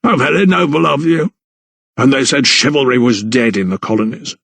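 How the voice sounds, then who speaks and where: A smug, pompous old lawyer, as a narrator puts him on, speaking in a gravelly, husky voice. He drawls and sneers with slow, gloating pauses, and the sound is dry and close for an audiobook. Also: mid-range voice, fairly bright tone, no echo. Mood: sneering. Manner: sneering, gloating, pausing for effect. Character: smug, pompous large older male lawyer. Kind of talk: audiobook character voice.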